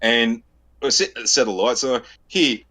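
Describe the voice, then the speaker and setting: A man's voice: medium pitch, steady tone, quick pace, sharp tone. A man with an Australian accent, telling crude stories in a casual podcast chat, swearing freely and laughing at his own jokes. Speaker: podcast co-host. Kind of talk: casual storytelling banter.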